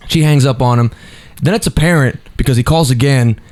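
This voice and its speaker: Young man, casual podcast storyteller, rambles with fillers and restarts, average pitch. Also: normal speed, darkish tone. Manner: rambling, lots of restarts and fillers, laughs while telling. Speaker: podcast co-host telling a story.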